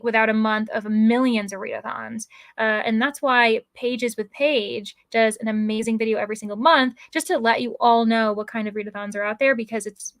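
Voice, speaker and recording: A woman's voice: on the high side, a bit bright, dry recording. An American woman hosting a casual book livestream, chatting and rambling as she reads out viewer comments. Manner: chatty, rambling, many fillers. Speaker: livestream host.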